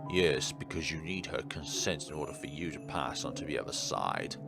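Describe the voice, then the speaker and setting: A man's voice: very deep voice, expressive, moderate pace, gravelly, loud music behind the voice. A man commentating a horror game let's play with chatty, rambling asides. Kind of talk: gameplay commentary.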